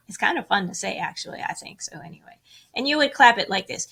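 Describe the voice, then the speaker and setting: A woman's voice: mid-range voice, normal speed, vocal fry, pushed and bright, a little hiss or hum. A woman music teacher giving an online rhythm lesson for children, upbeat and encouraging, counting and chanting rhythms aloud.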